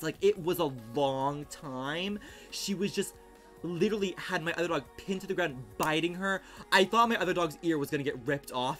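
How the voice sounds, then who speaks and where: A young man telling a story casually on his livestream at home, in a rapid, animated, filler-heavy way with swearing. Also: fairly high pitch.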